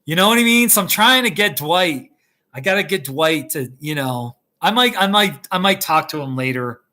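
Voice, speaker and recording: Chatty man, bright voice. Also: a little high, expressive, moderate pace. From United States. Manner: rambling, chatty, laughs often. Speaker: YouTube host. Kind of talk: casual live-stream chat. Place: home kitchen.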